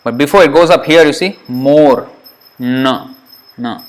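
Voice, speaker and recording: A man teaching Sanskrit pronunciation, patiently explaining each sound and repeating syllables slowly to demonstrate them. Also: a little high. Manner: patient, explanatory, with light asides. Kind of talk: pronunciation lesson.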